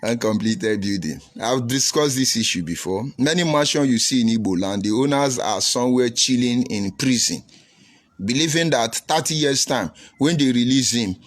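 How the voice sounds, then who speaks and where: A man with a Nigerian English accent hosts a livestream and talks like a pulpit preacher. He reads out viewers' comments and hits back with pointed questions and scolding. His voice sits at an ordinary mid pitch. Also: normal speed. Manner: combative, preachy, rhetorical questions.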